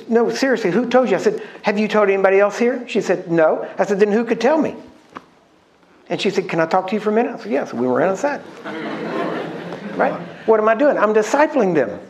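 A man's voice: sits high, slight background noise. A middle-aged man, a pastor, preaching a sermon in a conversational storytelling way, often asking his listeners questions.

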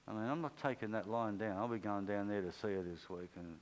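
A man's voice: a little fast, poor audio. Man preaching a conversational sermon. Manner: conversational, acts out quoted speech with pitch swings. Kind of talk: informal sermon.

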